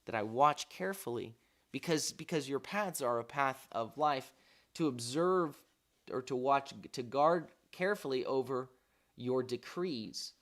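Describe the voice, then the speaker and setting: A man's voice: medium pitch, animated, a little slow, fairly bright tone. Earnest man teaching a devotional. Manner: earnest, thinking aloud, many restarts and fillers; sounds out Hebrew words as he explains them. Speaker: pastor.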